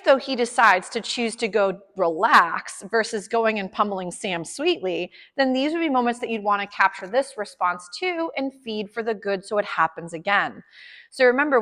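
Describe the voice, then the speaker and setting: A woman's voice: mid-range voice, a bit bright, big-room sound. A woman dog trainer explaining a session to her clients, upbeat, chatty and encouraging.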